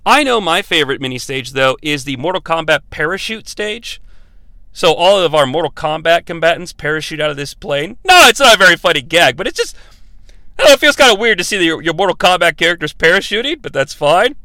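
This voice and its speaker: A man's voice: fairly high pitch, lively intonation, fairly quick, sharp tone, no echo. A man hosting a comedic movie review, recapping the plot with sarcastic, profane asides.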